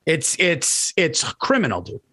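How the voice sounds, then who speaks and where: A man's voice: on the high side, huge pitch swings, sharp tone, breathy edge. Indignant, swearing podcast co-host man. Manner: profane, indignant, talks in quick restarts. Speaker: comedian co-host. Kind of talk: casual podcast chat.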